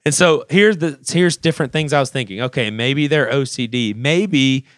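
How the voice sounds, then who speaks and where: A man with a smooth, clear voice tells a story on a podcast, animated and loose, restarting his phrases as he goes. The sound is close and dry, with no room around it. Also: mid-range voice, moderate pace, no echo. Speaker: podcast co-host. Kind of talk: casual storytelling chat.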